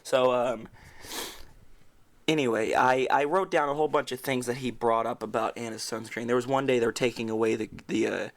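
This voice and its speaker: A man's voice: mid-range voice, steady tone, a little fast. A young man co-hosting a casual podcast, telling rambling stories with lots of swearing and laughter. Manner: rambling storyteller, swears a lot, laughs often. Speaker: podcast co-host. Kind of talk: casual chat.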